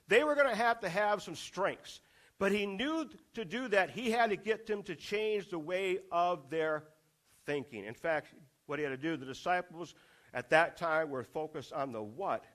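A man's voice: sits high, expressive, moderate pace, fairly bright tone. A man preaching a sermon, asking the congregation rhetorical questions and driving points home through repetition.

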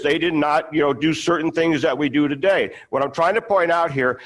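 Male pastor, somewhat high-pitched, casual sermon delivery, reads and explains scripture with restarts. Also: poor audio.

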